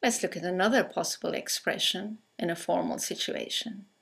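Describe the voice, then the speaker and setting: A woman narrating a scripted English conversation lesson, reading example greetings aloud with slow, clear delivery. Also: on the low side, a bit bright. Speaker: English teacher.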